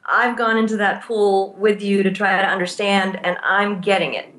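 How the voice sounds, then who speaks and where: A woman's voice: medium pitch, steady tone, moderate pace, a bit bright. Thoughtful woman therapist, roomy sound. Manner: thoughtful, explains through worked examples. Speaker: therapist and teacher of pastoral care. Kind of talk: explanatory interview conversation.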